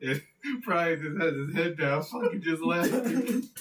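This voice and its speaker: A man's voice: a little high, expressive, measured pace. Laughing, swearing young man telling stories. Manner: laughing storyteller, swears a lot. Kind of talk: casual chat among friends. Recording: distant mic with faint noise.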